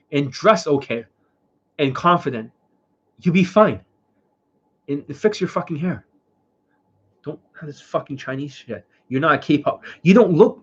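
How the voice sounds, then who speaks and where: Blunt, coughing, husky-voiced man. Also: fairly high pitch. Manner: blunt, profane, rambling. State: unwell, coughing. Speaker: dating coach. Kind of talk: livestream Q&A talk. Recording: dull lo-fi sound.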